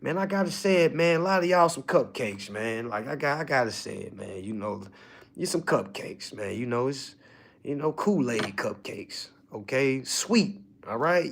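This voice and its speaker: Emphatic man lecturing with constant check-ins. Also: creaky. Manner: swings from low muttering to loud exhortation. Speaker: online course teacher. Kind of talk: casual motivational lecture.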